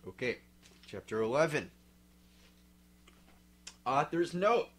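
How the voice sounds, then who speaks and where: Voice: medium pitch, sing-song, unhurried, long pauses, fairly bright tone. A reader giving a mocking dramatic read-aloud while drinking malt liquor, with sarcastic asides along the way.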